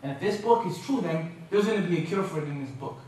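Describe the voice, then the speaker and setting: Male guest lecturer from Canada, lively and humorous, slightly high voice, recorded from a distance in a large echoey hall. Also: quick pace, slight background noise. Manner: lively, humorous, mimics accents. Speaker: guest speaker. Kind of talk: lecture with jokes.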